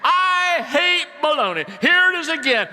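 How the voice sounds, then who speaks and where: A man's voice: very high voice, lively intonation, unhurried, pushed and bright, long reverb tail, a little hiss or hum, voice pushed up, heavily acted. A man voicing a grumbling male construction worker who whines that he is fed up with his lunch. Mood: fed-up whining. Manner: whiny, exasperated complaining.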